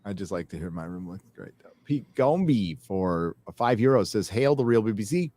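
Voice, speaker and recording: A low-pitched man hosts a loose, profane panel chat and reads viewer messages aloud. He rambles through fillers and self-corrections. His voice sounds dry and close, with no room echo. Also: lively intonation, moderate pace, mellow. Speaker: show host reading viewer donations.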